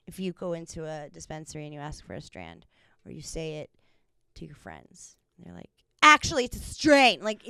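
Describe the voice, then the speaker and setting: A woman's voice: fairly low pitch, clear, resonant tone, no echo, studio quality. A young woman co-hosting a podcast in casual chat, rambling with lots of fillers and frequent laughter. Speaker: podcast co-host.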